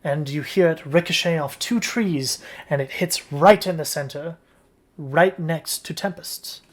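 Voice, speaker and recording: A game master narrating a tabletop game in a relaxed storytelling manner. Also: mid-range voice, measured pace. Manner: relaxed storytelling, with occasional restarts.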